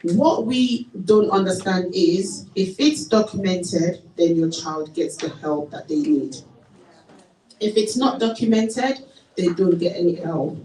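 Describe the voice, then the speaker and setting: A woman with a Nigerian accent speaking at a parenting seminar. She tells stories in an animated way and acts out the parents' voices. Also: fairly low pitch, slow. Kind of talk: seminar talk with anecdotes. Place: church hall. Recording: echoey hall, mic from a distance.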